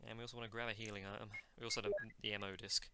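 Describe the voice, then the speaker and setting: A man's voice: lowish voice, level tone, rapid-fire, noisy background. A man hosting a let's play, chatting casually about the game, joking with himself and talking to the enemies on screen. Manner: chatty, self-mocking, talks to the enemies. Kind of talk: casual gameplay commentary.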